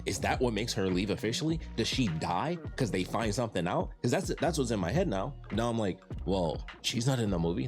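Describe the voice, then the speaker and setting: A man's voice: mid-range voice, darkish tone. A young man from Detroit reviewing a TV show in a casual, rambling way, full of fillers and restarts. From Detroit, USA. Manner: rambling, repeats words and restarts, many fillers.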